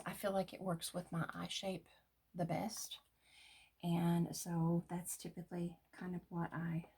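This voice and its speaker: A middle-aged woman talking casually through her makeup routine, often dropping to a soft whisper. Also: on the low side, gravelly, noisy background. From United States. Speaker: beauty vlogger. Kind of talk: casual get-ready-with-me makeup talk.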